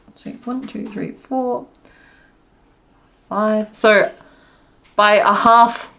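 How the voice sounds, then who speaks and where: A young woman chatting casually with her live-stream viewers while she crochets, laughing often and counting stitches under her breath. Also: medium pitch. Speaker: crochet livestream host.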